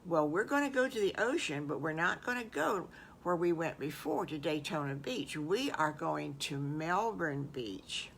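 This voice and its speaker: A woman's voice: sits low, animated, a little slow, vocal fry, fairly bright tone, a little hiss or hum, exaggerated voice. An older woman voicing a cheerful, motherly mother pig who gives bustling instructions.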